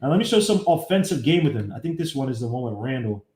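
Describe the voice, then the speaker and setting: Animated man talking sports on a stream. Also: medium pitch, quick pace. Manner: animated, shouts out viewers by name; talks while fumbling with his computer. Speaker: podcast host. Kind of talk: casual live-stream sports talk. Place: home setup, live streaming. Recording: echoey room.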